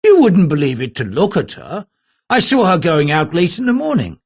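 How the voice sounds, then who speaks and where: A man's voice: a little high, huge pitch swings, moderate pace, breathy edge, pitched above the performer's own voice, full character voice. Man doing a nosy, gossipy landlord. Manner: gossipy, complicit. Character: nosy, winking middle-aged male landlord.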